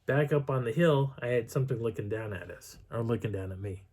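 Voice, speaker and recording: A middle-aged man telling a story on his video channel in a casual, animated way, acting out what people said. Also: fairly quick. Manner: animated, acts out quotes with pitch jumps and whispers. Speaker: vlogger.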